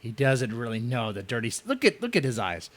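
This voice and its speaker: A man commenting on a live stream in a sarcastic, mocking way. His pitch rises and falls a lot. He keeps the talk casual and teasing. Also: fairly quick. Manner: sarcastic, mock voices, lively swings in tone. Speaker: stream host reacting to a debate.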